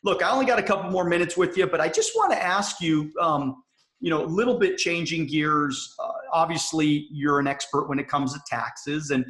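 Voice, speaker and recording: A man's voice: on the high side, animated, normal speed, a bit bright. A man hosting an interview, speaking earnestly with loose phrasing and fillers. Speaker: host. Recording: echoey room.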